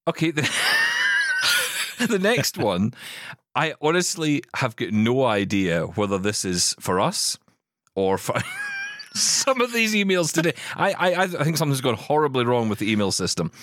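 A man's voice: mid-range voice, wildly swooping pitch, normal speed, fairly bright tone, no echo, studio quality. A Scottish man co-hosting a podcast, chatting casually and reading listener emails aloud, stumbling over words and laughing. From Scotland. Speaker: podcast co-host. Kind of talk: casual chat.

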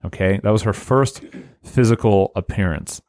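A man with a voice on the low side hosts a casual comedy podcast, recorded in studio quality with no room sound. He's animated and joking, but halting, filling the gaps with lots of "uh."

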